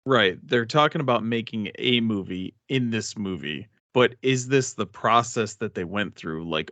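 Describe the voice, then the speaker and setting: Male podcast co-host, somewhat low pitch, dry close sound, rambling delivery. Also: animated, a little slow, few pauses, fairly bright tone, dry recording. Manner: rambling, thinks aloud. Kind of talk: casual movie review chat.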